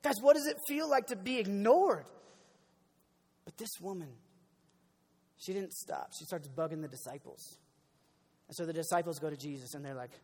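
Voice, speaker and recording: A young man preaching in a relaxed, conversational way. He acts out the people in the story, swinging from loud cries down to near-murmurs. His voice carries a long reverb, as if in a large hall. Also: a little high, moderate pace, long pauses. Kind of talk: sermon.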